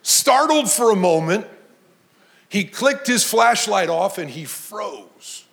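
Male pastor with a high voice, preaching with emphatic build-ups. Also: lively intonation, slow pace, creaky. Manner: storytelling preacher, emphatic, rising to shouts. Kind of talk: sermon.

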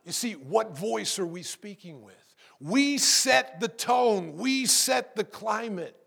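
A man's voice: high-pitched, animated, takes it slowly, gravelly, a bit bright, breathy edge. A middle-aged man preaching a sermon in a church, calling out to the congregation and building to emphatic peaks. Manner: call-and-response preaching, rising to emphatic peaks. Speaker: pastor.

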